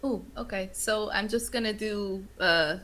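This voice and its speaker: A woman playing in a casual tabletop game, calling out her attacks in a relaxed, plain-spoken way. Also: medium pitch, unhurried. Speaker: player.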